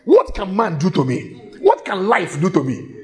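A man preaching a sermon in a church, emphatic and shouting at times, repeating phrases rhythmically and laughing between lines. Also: high voice, huge pitch swings, normal speed. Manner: shouting, emphatic, with sudden exclamations.

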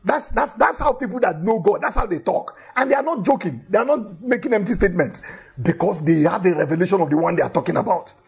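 A man's voice: high voice, animated, quick pace, gravelly, husky. A man preaching a sermon in an emphatic way, repeating key phrases for effect and telling Bible stories with animation.

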